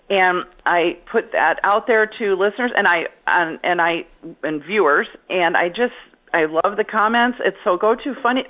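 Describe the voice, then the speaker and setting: A woman's voice: mid-range voice, dull audio. A middle-aged woman comedian chatting in an interview, rambling and self-deprecating with lots of restarts. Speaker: stand-up comedian guest. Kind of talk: casual interview chat.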